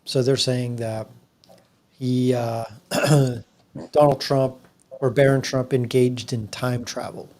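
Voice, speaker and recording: A man sits in as a guest on a casual livestream and chats in a loose, relaxed way. His voice has a middling, everyday pitch. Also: slow. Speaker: guest on stream. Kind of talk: casual chat.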